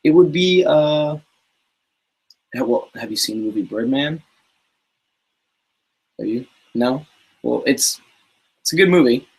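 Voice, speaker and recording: Young male streamer, husky voice, rambling mock-serious joker, mid-range pitch. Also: lively intonation, takes it slowly, long pauses, darkish tone, rough recording. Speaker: channel host. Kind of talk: casual livestream chat.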